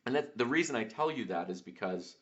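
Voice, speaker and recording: A man, a podcast host, telling a personal story in a reflective way, halting with many fillers and restarts. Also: medium pitch, animated. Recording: dull lo-fi sound.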